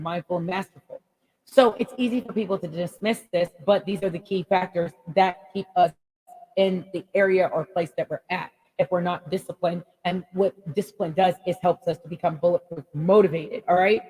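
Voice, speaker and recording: A woman life coach giving an animated motivational radio talk, laughing often and acting out little quotes. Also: fairly low pitch, a little fast, husky, big-room sound, rough recording.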